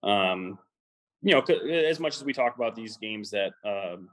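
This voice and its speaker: Low-ish voiced guy co-hosting a sports podcast, halting, lots of ums. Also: expressive, a bit bright, low-quality recording. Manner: halting, many ums and restarts. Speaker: podcast co-host.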